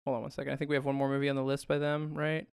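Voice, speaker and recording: A man's voice: medium pitch, monotone, racing, gravelly, clean tone, no echo, clean studio sound. A man co-hosting a podcast in casual chat, talking in a loose, rambling way with frequent laughs and fillers. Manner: chatty, laughs often, trails off with fillers. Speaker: podcast co-host.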